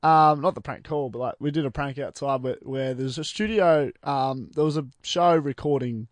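A man's voice: medium pitch, normal speed, no room sound. A man co-hosting a podcast, playful in casual chat and laughing often. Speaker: podcast co-host.

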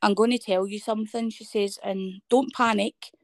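A woman's voice: mid-range voice, normal speed, dry recording, studio quality. A Scottish woman in her thirties, telling a personal story in conversation and acting out what people said to her. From Scotland. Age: 30s. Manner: animated storytelling, acting out quoted dialogue. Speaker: guest.

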